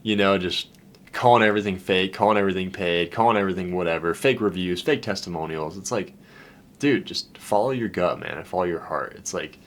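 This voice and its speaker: Low-pitched, a little fast and a bit bright, this man is a dating coach in a loose, profane monologue. He leans on "dude" and "man" every other line, speaking candidly about his past and turning heartfelt and emotional over the loneliness he remembers.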